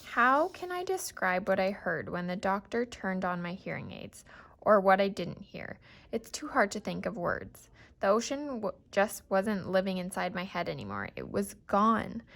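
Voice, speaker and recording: Gravelly-voiced woman reading a novel. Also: mid-range voice, moderate pace. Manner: steady first-person storytelling. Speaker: reader. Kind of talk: audiobook narration.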